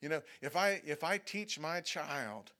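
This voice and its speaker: Male pastor, slightly high voice, chatty sermon in church, keeps asking "okay?". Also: lively intonation, a little slow, pushed and bright. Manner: conversational preaching, frequent "okay?" checks, acted-out prayers and whining. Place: church sanctuary.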